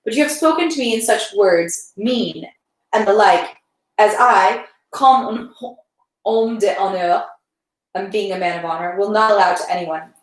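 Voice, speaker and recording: A woman's voice: medium pitch, unhurried, very echoey, natural voice, rough recording. Woman reading as a haughty, cowardly young rake. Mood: haughty, defensive.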